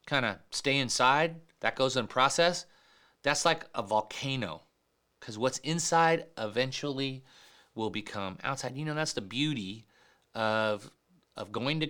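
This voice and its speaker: A man preaching a sermon in a conversational, emphatic way, often dropping soft and low to stress a point. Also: smooth. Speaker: pastor.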